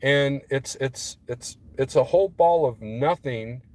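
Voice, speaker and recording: A man's voice: mid-range voice, unhurried, a little mellow. A man vlogging as a trucker, rambling casually to his viewers and getting worked up as he talks. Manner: rambling, restarts often, gets heated.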